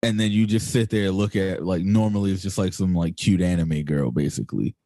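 A man with a fairly low, mellow voice chats loosely on a podcast, leaning on slang and filler as he tells a story. The sound is dry and close to the mic. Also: brisk, no echo. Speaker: podcast co-host. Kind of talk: casual chat.

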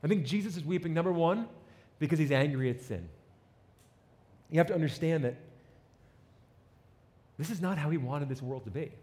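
A man's voice: fairly high pitch, normal speed, long pauses, a little mellow. Impassioned male preacher in a reverberant hall. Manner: dramatic storytelling, acting out voices, swelling to emphatic peaks. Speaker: pastor. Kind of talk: sermon.

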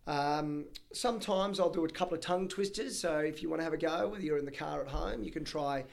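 A man in his thirties with an Australian accent, a chatty, energetic auctioneer telling stories in a podcast interview. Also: fairly high pitch, fast talker, creaky. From Brisbane, Australia. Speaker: auctioneer guest.

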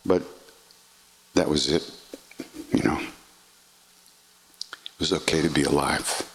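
An older man telling a personal story in an animated way, acting out voices and swearing freely. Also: rumbling low, slow, slight background noise. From United States. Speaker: podcast host.

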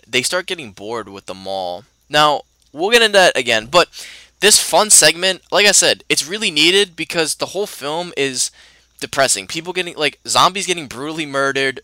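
A man's voice: on the high side, expressive, moderate pace, sharp tone, no room sound. A young man co-hosting a podcast, chatting casually about a film, rambling with many restarts and fillers. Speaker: podcast co-host.

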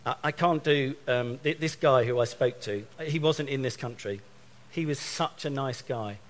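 A man's voice: medium pitch, moderate pace. A middle-aged man from England preaching a sermon, telling a story and acting out both sides of his phone calls.

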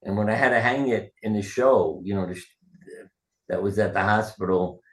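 A man's voice: fairly low pitch, moderate pace. An older man, a retired surgeon, telling rambling anecdotes in a casual interview, with fillers and acted-out quotes. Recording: roomy echo.

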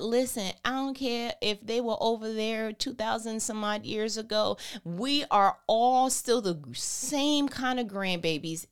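A woman hosting a faith podcast, reading a Bible passage and then riffing on it in a playful, slangy, animated way. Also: a little high, clean tone. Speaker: podcast host. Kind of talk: Bible reading and casual commentary.

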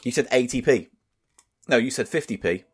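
A man's voice: mid-range voice, expressive, moderate pace, heavy background noise. A man co-hosting a podcast with casual, teasing, sweary banter. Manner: teasing, sweary, laughs often. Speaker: podcast co-host.

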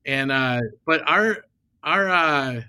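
A man's voice: a little high, slow, sharp tone, smooth. A man who is a podcast guest in casual chat, hesitant and full of fillers. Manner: hesitant, many fillers and restarts. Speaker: youth ministry leader, podcast guest.

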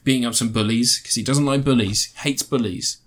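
A man's voice: mid-range voice, steady tone, a little fast. Man, podcast co-host, rambling film review, mid-range voice, crude asides. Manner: rambling, self-interrupting, crude jokes. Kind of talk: casual chat, film review.

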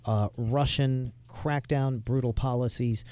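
Male talk-radio host, mellow dark tone, probing and persistent. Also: mid-range voice, fairly even intonation, takes it slowly, clear, resonant tone, no room sound. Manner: pressing, probing questions. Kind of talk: radio interview.

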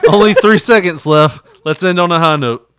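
A man's voice: sits high, moderate pace, clean tone. A man hosting a casual comedic chat. He laughs often and slips into mocking impressions. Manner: laughs a lot, animated, does mocking impressions.

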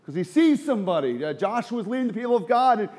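A man's voice: high voice, sing-song, quick pace, a little mellow. A man preaching a sermon, emphatic and full of rhetorical questions, sometimes dropping to a near whisper.

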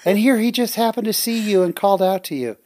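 A woman's voice: medium pitch, quick pace, mellow. A woman hosting a casual interview, reacting with surprise and summing up her guest's story. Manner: reactive, exclaims and sums up the story. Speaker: podcast host.

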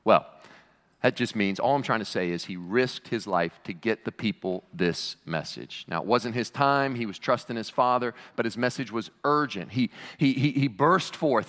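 A man preaching a sermon as pastor, animated and emphatic, his voice climbing to shouts on key lines. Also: fairly high pitch, moderate pace, in a large hall.

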